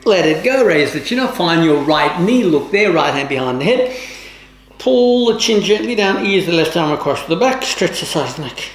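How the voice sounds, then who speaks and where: A woman yoga teacher giving calm, measured instructions with formal, old-fashioned phrasing during a guided class. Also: fairly low pitch, a little hiss or hum. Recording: roomy, echoey room.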